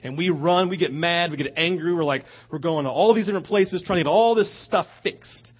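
A man preaching a sermon, switching between loud rhetorical questions and hushed asides. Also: fairly high pitch, a little fast, slightly rough. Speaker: pastor. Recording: dull lo-fi recording.

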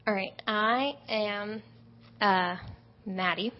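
A young woman in her late teens, a high school student, giving a thoughtful personal testimony with small pauses. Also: a little hiss or hum. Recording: dull lo-fi audio.

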